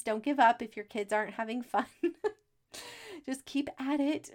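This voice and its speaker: A woman, hosting a podcast in a chatty, upbeat way with folksy asides and frequent laughs. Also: mid-range voice. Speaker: podcast host. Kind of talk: casual solo podcast talk.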